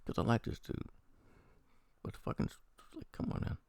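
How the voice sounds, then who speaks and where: A man's voice: moderate pace, a little mellow, no room sound. A man from the American Midwest casually reviewing a TV episode while feeling unwell, rambling and sarcastic, with frequent swearing.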